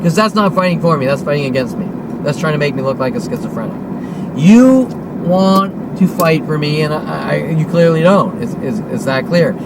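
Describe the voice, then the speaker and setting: A man's voice: on the high side, lively intonation, normal speed, very noisy. A man of about fifty delivering a heated, accusatory monologue, swearing often and repeating himself. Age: 50s. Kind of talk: agitated monologue rant to camera.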